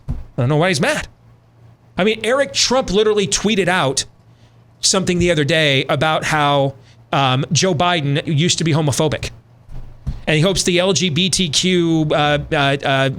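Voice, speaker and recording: A man's voice: fairly high pitch, fairly bright tone. A middle-aged man hosting a radio talk show, ranting with sarcastic, emphatic commentary.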